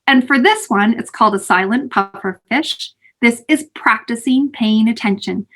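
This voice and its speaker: Woman, kids' mindfulness teacher, fairly high and animated, sing-song delivery, video-call sound. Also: moderate pace. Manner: animated, sing-song, calls kids sweethearts. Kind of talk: teaching kids breathing exercises. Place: home, virtual session.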